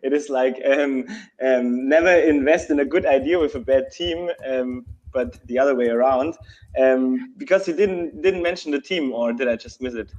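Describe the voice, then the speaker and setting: A man asking questions in a live online talk in a hesitant, halting way with many fillers. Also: mid-range voice, darkish tone. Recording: dull lo-fi audio.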